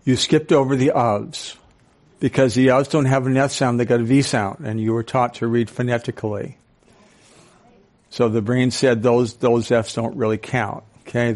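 Lively older man talking to an audience. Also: medium pitch. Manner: animated, asks the audience questions; storytelling with acted-out quotes. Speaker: speaker. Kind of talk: talk to a live audience.

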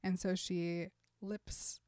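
On a casual podcast, a woman co-host retells scenes from a novel, laughing often and quoting characters in passing as an animated storyteller. Her voice is lowish with drawn-out words, recorded in studio quality with no echo.

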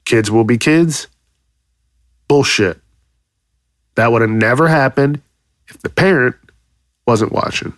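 A man's voice: medium pitch, slow, pauses often, no echo. Dry, foul-mouthed ranting man. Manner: loud, swearing, exaggerated outrage. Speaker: podcast host. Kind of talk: profane comedic rant.

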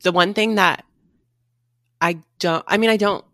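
A woman's voice: mid-range voice, fairly even intonation, measured pace, fairly bright tone, no echo, studio quality. A young woman co-hosting a casual chat, emphatic and slangy in her opinions. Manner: chatty, emphatic, fond of slang. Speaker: podcast co-host. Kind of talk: casual chat reviewing a reality show.

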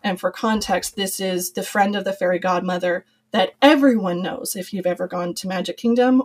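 An animated woman in her thirties tells a personal story as a podcast guest. She talks in a casual, lively way, slipping into quoted voices as she goes. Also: mid-range voice, moderate pace, few pauses, rough recording. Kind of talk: casual chat.

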